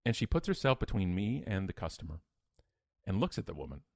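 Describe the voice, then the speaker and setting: A man's voice: sits low, sing-song, fairly quick, vocal fry, a little mellow, dry recording, clean studio sound. A middle-aged man, a podcast guest telling a personal story in a blunt, emphatic, self-mocking way. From Canada.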